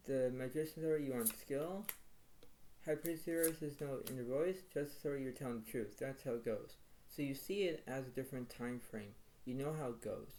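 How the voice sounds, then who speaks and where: Man, tarot reader, mellow dark voice, rambling, repetitive. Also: medium pitch, rough recording. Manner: rambling, repetitive, filler-heavy. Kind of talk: weekly tarot reading.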